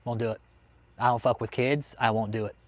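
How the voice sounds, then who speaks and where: A brisk male voice at medium pitch, fairly even in intonation, captured on a dry recording. The host of a livestream about cults rants heatedly, cursing all the while as he takes on chat messages.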